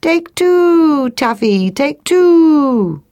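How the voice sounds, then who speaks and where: A woman voicing a silly turtle dove that repeats a high sing-song cry. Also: very animated, drawn-out words, mellow, no room sound, clean studio sound, heavily acted. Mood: cooing.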